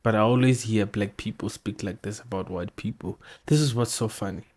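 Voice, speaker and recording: A man's voice: on the low side, fairly quick, a little mellow, slightly rough. A man hosting, giving casual blunt commentary and arguing back at clips. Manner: blunt, argumentative, keeps saying bro. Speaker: host.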